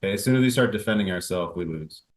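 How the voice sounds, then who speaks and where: Male coach, lower voice, joking and animated, plays out arguments on a call. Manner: playful, acts out both sides in quick put-on voices. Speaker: marriage coach.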